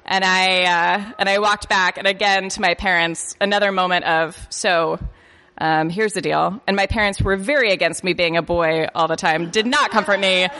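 A woman in her late twenties tells a comic story about herself to a live audience. Her voice is bright and forceful, her pitch sits in the middle, and she keeps stumbling, restarting and poking fun at herself. The sound rings with the long reverb of a performance hall. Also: fairly even intonation. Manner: halting, self-deprecating, stumbles and restarts, laughs at herself. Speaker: live storyteller on a comedy podcast. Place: comedy festival venue.

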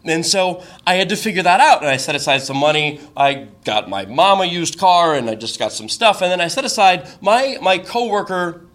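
Bright-voiced man telling a rambling story. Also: high voice, animated, moderate pace. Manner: rambling, many fillers and self-interruptions; wry, incredulous asides. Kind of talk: comic personal storytelling.

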